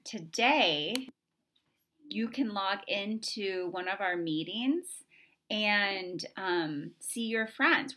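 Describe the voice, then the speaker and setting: Woman teacher, mid-pitched, gentle and encouraging, reading aloud and chatting with young kids.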